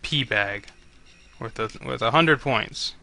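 A man's voice: mid-range voice, slow pace, creaky, pushed and bright. A man commentating on a video game he is playing, swearing constantly and griping sarcastically at the characters. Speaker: let's play commentator.

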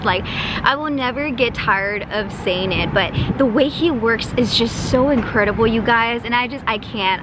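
Excitable woman vlogging on the go. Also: fairly high pitch, background noise. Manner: chatty, excitable, lots of "y'all" and "like". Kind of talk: casual vlog chat to camera.

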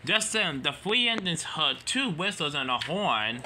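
A man narrating a homemade toy train story, halting with slips and restarts, with faint noise behind. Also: fairly high pitch, sing-song.

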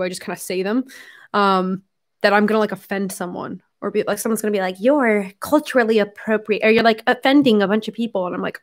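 Chatty young woman streaming while eating. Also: medium pitch. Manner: rambling, frank, swears, laughs often. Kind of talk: casual live-stream chat.

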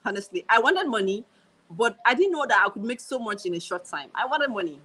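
Bright-voiced woman telling her story with emphasis. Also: a little high, very animated, a little fast, slightly rough, rough recording. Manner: emphatic, repeats phrases, frequent laughs. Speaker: guest. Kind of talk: casual interview conversation.

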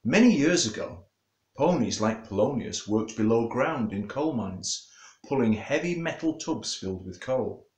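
A man's voice: mid-range voice, unhurried, breathy edge. A male storyteller and author telling a children's story and reading a bedtime book in a playful way. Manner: lively, playful, talks straight to children.

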